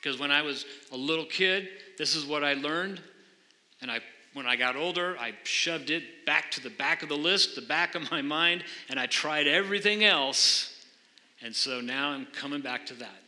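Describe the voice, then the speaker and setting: A male pastor with a high-pitched, very bright and forceful voice delivers an earnest sermon. He explains scripture and asks questions of his congregation, and his voice rings with long reverb through a church hall. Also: moderate pace. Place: church sanctuary before a congregation.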